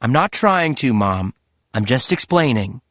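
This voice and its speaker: A man's voice: medium pitch, big pitch swings, a little slow, fairly bright tone, no room sound, clean studio sound. A man reading an audiobook, voicing a tense father who speaks curtly and impatiently. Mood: irritated. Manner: curt and impatient.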